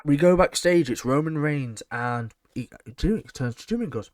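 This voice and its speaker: A man's voice: on the high side, animated, moderate pace, darkish tone, no room sound. A man giving a blunt, sarcastic and rambling casual recap of a wrestling show.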